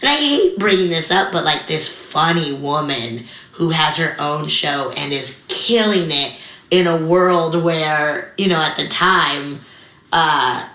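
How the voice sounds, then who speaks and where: Young female comic guest, low but bright voice, animated storyteller, roomy echo. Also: slow. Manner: animated, many fillers, acts out quoted voices. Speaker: interview guest, comedian. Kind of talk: casual storytelling interview. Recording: echoey room.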